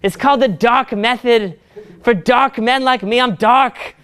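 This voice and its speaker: A man's voice: very high voice, measured pace, fairly bright tone, clean tone. A man putting on the voice of a bitter young male gamer who hates talking to people, whiny and crude. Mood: sulky.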